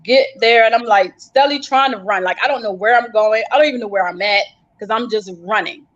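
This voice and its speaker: A woman's voice: a little high, brisk. A woman guest on a live panel recounting her story vividly, acting out her own cries for help. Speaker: guest survivor. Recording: dull lo-fi livestream audio.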